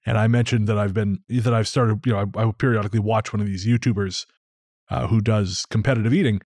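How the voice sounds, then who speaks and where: A man's voice: on the low side, steady tone, quick pace, darkish tone, no echo. A man with an American accent hosting a podcast, chatting casually and wryly, often restarting his sentences. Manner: rambling, wry, restarts sentences. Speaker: podcast host.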